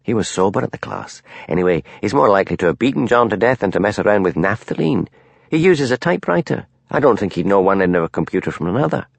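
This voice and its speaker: A man voicing a male Highland village police constable who asks dry, probing questions. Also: expressive, fast talker, gravelly, no echo. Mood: reasoning.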